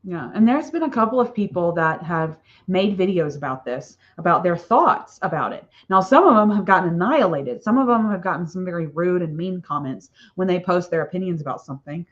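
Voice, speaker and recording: Woman, low voice, casual live-stream chat, rambling, muffled lo-fi audio. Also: animated, a little fast, hardly any pauses. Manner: chatty and rambling, frequent "okay?" tags and laughs. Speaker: author hosting a book launch live stream.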